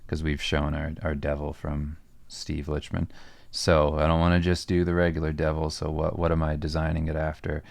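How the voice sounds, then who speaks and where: A man with a very low, gravelly voice that barely moves in pitch talks casually on a livestream, answering viewer questions about his art. He rambles in a relaxed way, full of fillers and restarts, and his voice sounds close and dry. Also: normal speed, dry recording. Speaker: comic artist and podcast co-host.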